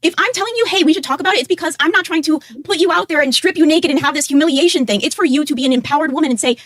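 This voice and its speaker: A woman's voice: high-pitched, rapid-fire, a bit bright, dry recording, studio quality. A woman co-hosting a live stream, bluntly scolding her co-host and swearing freely. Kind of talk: heated on-air confrontation.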